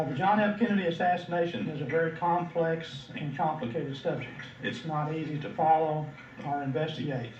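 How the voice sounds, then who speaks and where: A man's voice: a little high, slight background noise. Texan man lecturing in an echoey hall. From Texas. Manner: plain, measured, frequent "uh" fillers. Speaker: seminar speaker. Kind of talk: lecture to an audience. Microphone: room microphone at a distance. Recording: dull, roomy old video recording from far off.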